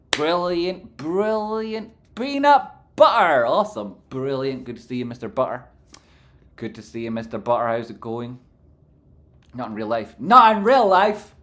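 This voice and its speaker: A man commentating stock charts on a live stream, rambling and swearing casually while reading out viewer messages. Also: medium pitch. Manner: casual and profane, reads chat aloud; rambling, animated.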